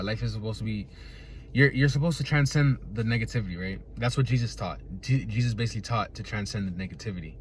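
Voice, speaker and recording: A man's voice: fairly low pitch, a bit bright, a little hiss or hum. A young man hosting a podcast, rambling casually in a profane, laid-back way, often laughing and tagging his thoughts with "right?". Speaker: podcast host.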